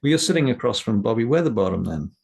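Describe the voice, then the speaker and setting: A man's voice: lowish voice, sing-song, quick pace, creaky, darkish tone, breathy edge. A man running a tabletop role-playing game, narrating with wry laughing asides. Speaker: game master.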